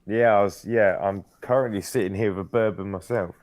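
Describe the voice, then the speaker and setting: A man's voice: lowish voice, fairly even intonation, fairly quick, darkish tone, no echo. A man in his forties from Cornwall with a Cornish English accent, a police veteran chatting easygoingly as an interview guest. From Cornwall, England. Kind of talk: casual interview chat.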